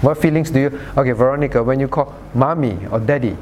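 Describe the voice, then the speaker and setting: Male pastor, medium pitch, conversational teaching with direct questions, slight background noise. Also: quick pace, darkish tone. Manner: questions listeners by name; rhetorical "right?" checks. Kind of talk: sermon-style Bible study.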